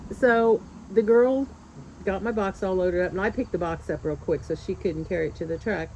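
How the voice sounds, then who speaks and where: A chatty middle-aged woman tells a story in a relaxed vlog, laughing often and slipping into the voices of the people she quotes. Her voice sits at a middle pitch for a woman. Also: normal speed, dull audio, slight background noise. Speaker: vlogger. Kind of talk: casual storytelling.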